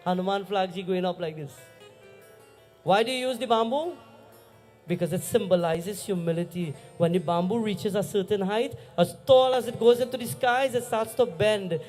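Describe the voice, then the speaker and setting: Trinidadian pundit giving a sermon at a house puja, high-ish voice, lots of questions to the crowd. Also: male voice, moderate pace, darkish tone, soft background music. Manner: storytelling preacher, rhetorical questions to the crowd. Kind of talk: Hindu religious discourse. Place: private home, religious gathering.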